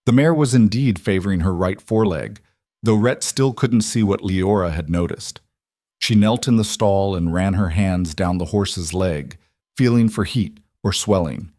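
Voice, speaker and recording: A man narrating a scripted western story in a steady, measured way. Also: deep voice, no room sound, clean studio sound.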